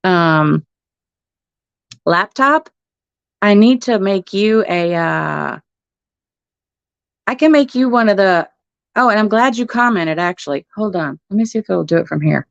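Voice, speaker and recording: A woman's voice: medium pitch, expressive, a little slow, gravelly, long pauses, no room sound. A middle-aged woman, hosting a casual livestream from her phone at home, laughing often and swearing casually. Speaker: livestream host. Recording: muffled phone stream audio.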